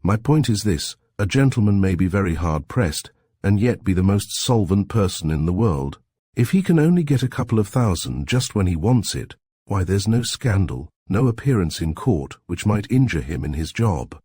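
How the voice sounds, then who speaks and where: A man voicing a pushy, ingratiating middle-aged crook who talks loud and emphatic. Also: deep voice, big pitch swings, normal speed, slightly rough, no room sound, clean studio sound, pitched above the performer's own voice, full character voice.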